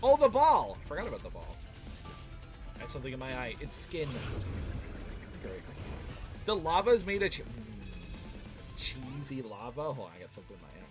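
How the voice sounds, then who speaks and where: A man live-streaming a video game, reacting with excited yelps and exclamations. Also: fairly high pitch. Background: game music.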